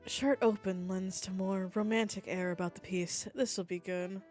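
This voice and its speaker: A woman reading game dialogue aloud, voicing a tall, commanding aristocratic woman artist with a low, slow, purring delivery. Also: steady tone, darkish tone, soft background music, natural voice.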